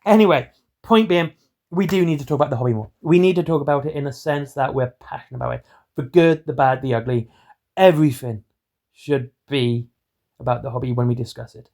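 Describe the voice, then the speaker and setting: A man, hosting his own hobby channel in a monotone, rambling way of talking. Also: mid-range voice, a little fast. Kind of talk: rambling solo commentary.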